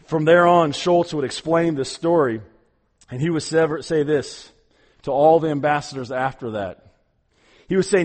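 A man preaching a sermon as pastor, earnest, often repeating words and swinging from loud to hushed. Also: on the high side, moderate pace, long reverb tail.

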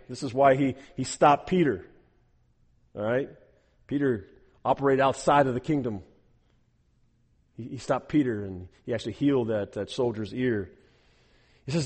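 A man preaching a sermon, animated, acting out the people he quotes and often repeating words as he goes. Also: mid-range voice, normal speed, pauses often, slightly rough. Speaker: pastor. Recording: echoey hall with long reverb.

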